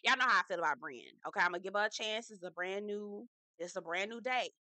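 A woman's voice: mid-range voice, expressive, fast, bright, forceful tone, dry recording. A woman hosting her own casual TV review vlog, chatty and slangy, with emphatic asides to her viewers. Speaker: host.

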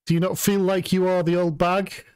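An amused co-host chats on a game livestream, chuckling often between lines. The voice sits at a middle pitch, and the sound is dry and close. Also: little pitch movement, moderate pace, darkish tone, clean tone, no room sound. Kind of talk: casual chat on a game stream.

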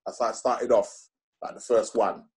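Man telling stories, mid pitch. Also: moderate pace. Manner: animated, acts out other people's lines with slang-heavy talk. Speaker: interview guest. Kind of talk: casual storytelling chat.

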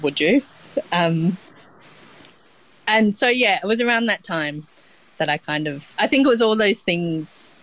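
A woman's voice: deep voice, rough recording. A middle-aged Australian woman, a chef being interviewed, talking in a rambling, casual way with many ums and restarts. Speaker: chef, guest.

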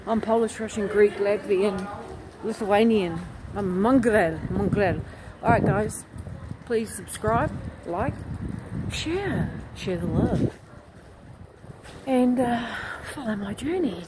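A woman's voice: medium pitch, animated, takes it slowly, background noise. A woman vlogging as she walks a city street at night, chatty and rambling, recorded on a handheld phone. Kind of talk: casual street vlog chat.

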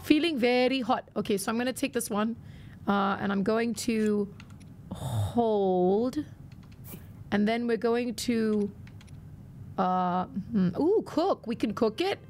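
A woman's voice: fairly high pitch, slow pace, long pauses, a little mellow, a little hiss or hum. A woman live-streaming a video game, chatting playfully and reacting to her viewers' messages.

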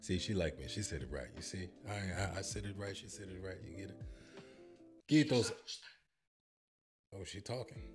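A man filming a comedic reaction vlog, joking and swearing as he tries a language app. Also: low-pitched. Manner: jokey, swears, bursts into mock announcer voice.

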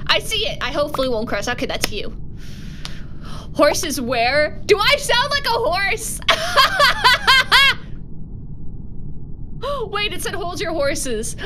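A young adult woman streaming a game live, chatting casually with viewers in slangy talk and sudden loud outbursts. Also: very high-pitched. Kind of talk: casual livestream gaming chat. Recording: noticeable background noise.

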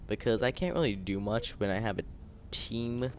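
Commenting casually on his gameplay, a teenage gaming YouTuber talks in a loose, filler-heavy ramble, restarting often and breaking into angry rants. His voice sits a little low, he speaks at a moderate pace, and a faint hiss runs under the audio.

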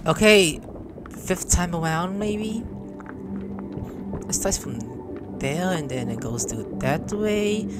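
A man's voice: sits high, slow, pauses often, music in the background. A man doing let's play commentary, exclaiming and swearing at what happens on screen. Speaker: gaming YouTuber.

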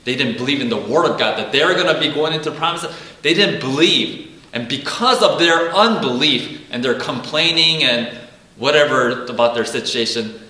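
A man's voice: medium pitch, expressive, moderate pace, sharp tone, reverberant, rough recording. A man giving an informal Bible teaching, talking casually, repeating himself and acting out quotes. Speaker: preacher.

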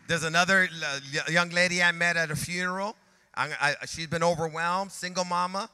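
A man who is a pastor, preaching a sermon in an animated way that rises to shouts. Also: high-pitched, brisk, clean tone, big-room sound.

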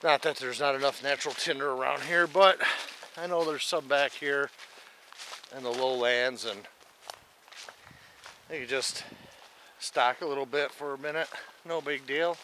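A man narrating a casual camping vlog outdoors in a forest, relaxed and rambling as he talks to his dog. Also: medium pitch, unhurried, pauses often, a little hiss or hum. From Michigan. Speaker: camping vlogger.

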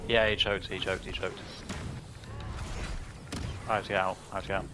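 A man's voice: low voice, little pitch movement, fairly quick, background noise. A man giving terse callouts and swearing at teammates during an online match. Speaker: gamer calling plays to teammates. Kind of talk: live game voice chat. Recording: game music playing behind.

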